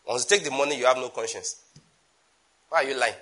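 A man with a Nigerian accent preaching a sermon emphatically, with sudden loud bursts and asides in Nigerian Pidgin. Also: medium pitch, quick pace.

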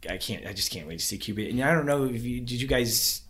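A chatty man from Kentucky hosts a relaxed interview. He rambles through his stories, restarts his sentences and laughs easily. His voice sits at an ordinary middle pitch. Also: quick pace. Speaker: host. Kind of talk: casual interview chat.

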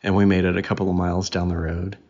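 A father co-hosts a casual family podcast with his daughter, teasing playfully. His voice sits low with a darkish tone, and his delivery is fast and flat, heard through a dull lo-fi recording.

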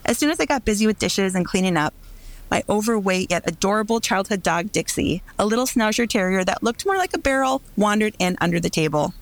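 A woman's voice: medium pitch, lively intonation, fairly quick, no echo. Woman from Minnesota, wry storyteller. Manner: wry, descriptive. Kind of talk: narrated personal story.

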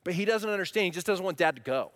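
A man in his thirties preaching a sermon, animated and asking the congregation questions. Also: sits high, quick pace. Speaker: pastor. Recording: long hall reverb.

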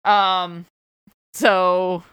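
This is a woman co-hosting a podcast and talking casually through a comic story. She laughs often, swears without thinking, and jumps into quick acted quotes. Her voice is smooth and clear, recorded dry and close. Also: lowish voice, little pitch movement, fairly bright tone, no echo. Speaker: podcast co-host. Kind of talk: casual chat about a comic book.

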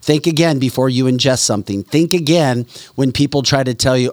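A man's voice: mid-range voice, fairly quick, few pauses, no room sound, studio quality. A man hosting a political talk show, speaking with indignant emphasis and repeating phrases as he builds his point. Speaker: show host.

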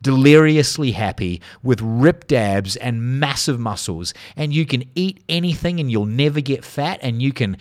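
Middle-aged aussie bloke doing a sweary sarcastic podcast rant, dry room. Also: male voice, medium pitch, expressive, moderate pace, few pauses, no echo. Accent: Australian. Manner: sarcastic, profane, exasperated ranting. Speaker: podcast host.

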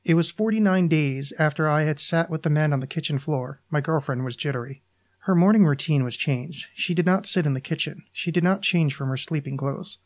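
A man reads his own short story aloud on his podcast, with slow, deliberate phrasing. His delivery is dry and deadpan, and his voice sits slightly above the usual male range. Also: on the high side.

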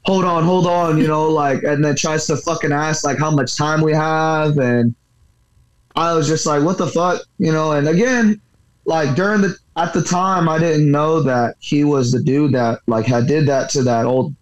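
A man who fights for a living and teaches boxing, telling a story in a loose, rambling interview. He swears freely and keeps reaching for filler words as he talks. His voice sits a little higher than most men's. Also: fairly even intonation, normal speed, poor audio. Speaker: professional fighter and boxing coach.

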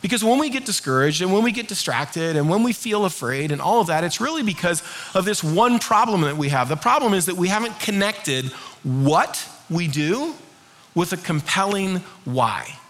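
A middle-aged man preaching a sermon as pastor, lively and conversational, leading the congregation in call-and-response. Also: sits high, moderate pace.

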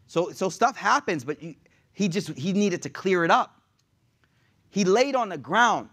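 A man's voice: high voice, expressive, measured pace, pauses often, a bit bright. A man preaching a sermon in a casual, slangy way, reciting Arabic passages and then translating them. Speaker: Islamic preacher.

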